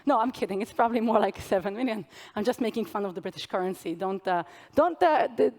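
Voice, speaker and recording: A woman's voice: medium pitch, fast talker, a little mellow. A young woman giving a conference keynote talk, conversational and joking with the audience. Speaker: keynote speaker. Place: large conference hall stage.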